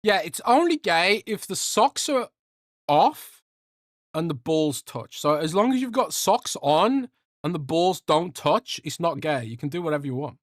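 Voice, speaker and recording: A young man hosts a casual livestream podcast, reading out chat while he jokes and rambles, swearing a lot and letting thoughts trail off. His voice is on the high side with big pitch swings at a measured pace. The studio sound is clean, with no echo.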